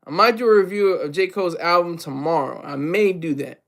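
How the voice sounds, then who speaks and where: A man's voice: fairly high pitch, fairly quick, fairly bright tone. A man giving casual, rambling solo commentary on hip hop, self-deprecating and full of restarts.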